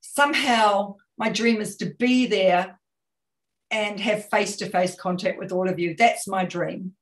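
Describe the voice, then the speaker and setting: Woman from New Zealand, communication coach on a video call, energetic and direct, middle of the range in pitch. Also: a little slow, poor audio. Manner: energetic, direct, rhetorical questions. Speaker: communication consultant. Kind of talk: webinar coaching talk.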